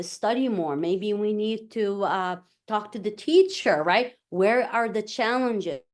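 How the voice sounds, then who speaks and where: A woman presenting a parent workshop, talking in a relaxed way, repeating her points and often checking in with "right?". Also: fairly low pitch. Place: library meeting room.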